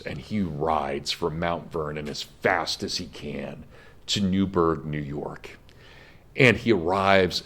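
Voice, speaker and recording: Deep-voiced middle-aged guy lecturing history, really into the story, emphatic. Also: slightly rough. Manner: animated storytelling, emphatic, gets emotional. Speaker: history professor. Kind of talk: classroom lecture.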